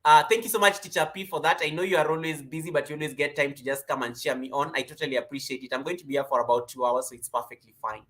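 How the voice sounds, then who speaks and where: Bright-voiced man hosting a live stream. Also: on the high side, rapid-fire, hardly any pauses. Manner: energetic, greets viewers warmly by name, frequent laughs. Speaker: livestream host. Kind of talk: casual live-stream chat. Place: at home.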